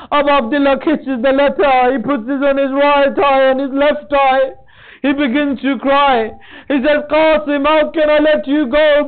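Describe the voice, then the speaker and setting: Male preacher, very high pitch, tearful lamenting delivery, tinny lo-fi recording. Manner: recites in a rising lament, voice breaking toward tears. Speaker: speaker at a mourning gathering. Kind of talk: emotional sermon narration. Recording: tinny phone-like sound.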